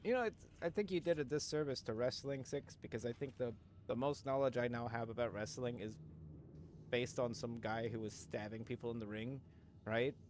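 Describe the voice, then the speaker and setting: Male streamer, mid-pitched, rambling and jokey, swears casually, faint room hum. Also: moderate pace, darkish tone. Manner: talks to chat, many fillers and restarts. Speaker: livestreamer. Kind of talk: casual live-stream chat.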